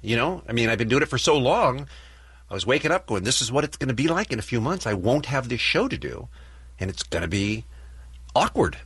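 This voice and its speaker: A man's voice: medium pitch, very animated, brisk, fairly bright tone, a little hiss or hum. A man from Britain hosting a morning radio show, self-deprecating and rambling with restarts in casual banter. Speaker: radio host.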